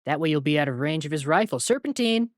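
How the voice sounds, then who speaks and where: A man's voice: a little high, little pitch movement, racing, no room sound, studio quality. A man co-hosting a casual movie podcast who laughs often and tells dad jokes. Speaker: podcast co-host.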